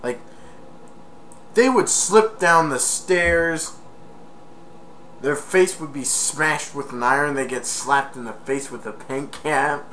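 A man casually retelling a movie plot in a rambling, excitable way for a home video review. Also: on the high side, slow, pauses often, a little hiss or hum.

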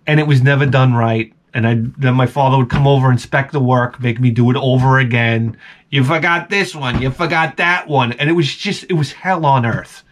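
A man with a young son, telling a rambling, animated story as a toy collecting vlogger. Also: mid-range voice, brisk, hardly any pauses. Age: adult with a young son. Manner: rambling, animated, acts out quoted voices. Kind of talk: casual storytelling monologue.

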